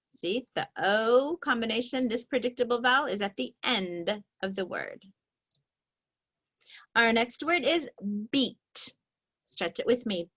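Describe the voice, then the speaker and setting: A woman teaching a reading lesson, slowly stretching out the sounds of each word in a patient, clear way. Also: fairly high pitch, fairly bright tone. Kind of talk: slow, patient phonics lesson.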